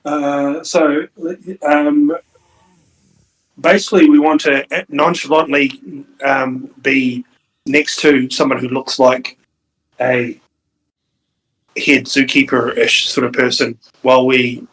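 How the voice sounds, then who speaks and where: A man playing a tabletop game, planning his move in a hesitant, casual way full of small pauses. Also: mid-range voice, little pitch movement, a bit bright, low-quality recording. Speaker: player.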